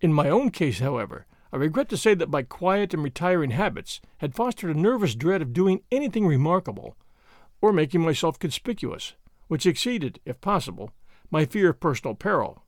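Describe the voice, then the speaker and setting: Man narrating with a lively, high voice. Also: fairly quick, no room sound, clean studio sound. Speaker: audiobook narrator. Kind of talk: first-person story narration.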